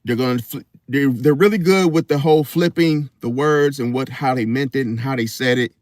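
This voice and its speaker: A young man delivers a blunt, profane, casual monologue about astrology, speaking emphatically, repeating "see?", and often stopping and restarting. His medium-pitched voice is brisk and a little mellow, with no echo.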